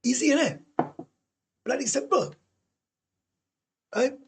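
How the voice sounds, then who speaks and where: A man's voice: very high-pitched, slow, a little hiss or hum. A man with a Welsh accent chatting casually on a livestream, bluntly answering viewer comments, swearing freely and repeating himself. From Wales. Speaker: livestream host. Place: indoors, living in Thailand.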